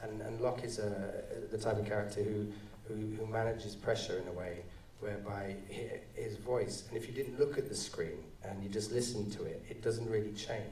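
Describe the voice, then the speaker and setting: A male actor answering audience questions at a live screening, talking in halting, rambling bursts with many restarts. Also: on the low side, fairly even intonation, darkish tone, recorded from a distance, slight background noise. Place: cinema auditorium. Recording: roomy hall sound, voice from off-mic.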